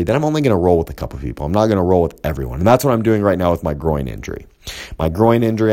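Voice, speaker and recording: Guy with a really low mellow voice rambling through grappling training tips, acts out little back-and-forths. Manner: conversational, rambling, acts out quoted exchanges. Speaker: jiu-jitsu coach. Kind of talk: casual instructional talk.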